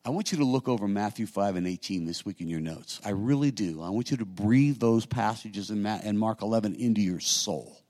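A middle-aged man preaching a sermon as pastor, talking conversationally and building to loud, emphatic peaks. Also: fairly low pitch, fairly quick, few pauses.

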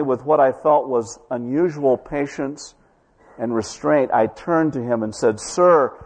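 A male pastor delivers a sermon in a church, his voice slightly husky and breathy. He tells a story to the congregation, drawing out his key words for emphasis. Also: mid-range voice, darkish tone, in a large hall. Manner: storytelling preacher, slows for emphasis.

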